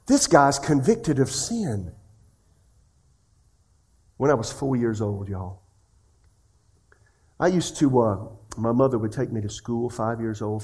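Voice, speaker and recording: Man preaching a sermon. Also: mid-range voice. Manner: swings between loud questions and hushed confessions; asks the congregation direct questions. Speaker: pastor.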